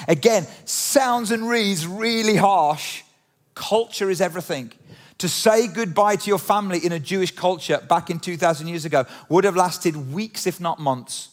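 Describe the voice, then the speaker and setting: A man preaching a sermon in a church, animated and conversational, full of rhetorical questions. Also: sits high, moderate pace. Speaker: pastor. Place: church auditorium.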